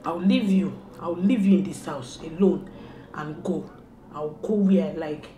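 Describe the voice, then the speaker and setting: A woman's voice: lowish voice, measured pace, background noise. Mock-stern mother scolding in an echoey room. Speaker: mother and vlogger. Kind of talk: casual family prank talk. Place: home.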